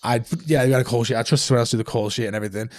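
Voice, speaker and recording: A man talks as a podcast guest, rattling through his stories at a rapid clip. His delivery is loose and animated, and it is laced with swearing. His voice sits at an everyday middle pitch. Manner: fast, swearing, animated storytelling. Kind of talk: casual interview chat.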